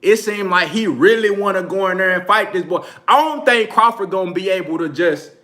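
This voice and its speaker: A man in talks boxing on a live stream in a loose, slangy, laid-back way, often breaking into laughter. His voice sits a little high and rings very bright. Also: animated, a little fast. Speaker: boxing channel host. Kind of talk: casual live-stream commentary.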